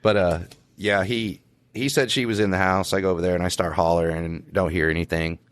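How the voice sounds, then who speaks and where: Deep-voiced cop telling stories. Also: male voice, fairly even intonation, fairly quick, clear, resonant tone, no echo. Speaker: podcast co-host, police officer. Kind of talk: casual storytelling chat.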